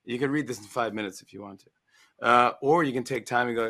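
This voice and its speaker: A man in his forties, a guest author in a casual interview, talking in a playful, animated way and acting out lines. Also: mid-range voice, fast talker, vocal fry.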